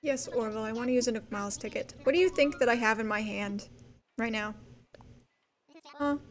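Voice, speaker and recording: Bubbly high-voiced woman streamer. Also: brisk. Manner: bubbly, giggly, talks to chat. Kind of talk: casual gameplay livestream chat.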